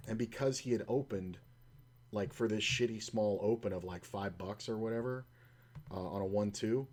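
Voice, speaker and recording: A man with a lowish, mellow voice comments on his own online poker play, swearing often. He rants in frustration through a long anecdote, acting out quotes as he goes.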